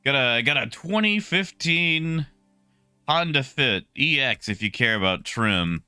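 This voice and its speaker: Chatty man with a bright, crisp voice. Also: medium pitch, a little slow, dry recording, soft background music. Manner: relaxed and chatty, greets chat viewers by name. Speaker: livestreamer. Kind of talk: casual chat with stream viewers.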